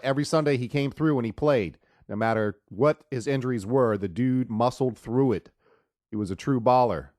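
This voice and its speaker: A man's voice: medium pitch, no echo, clean studio sound. Man hosting a rambling sports podcast. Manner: loud, drawn-out show opening; joking, rambling storyteller. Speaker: podcast host. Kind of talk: casual sports monologue.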